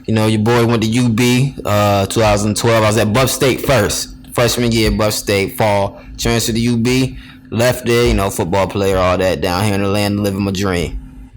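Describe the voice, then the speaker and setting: A young man from Rochester, New York, chatting casually as a podcast guest and telling animated stories. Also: on the low side, moderate pace. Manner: animated storytelling, imitates voices. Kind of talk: casual chat.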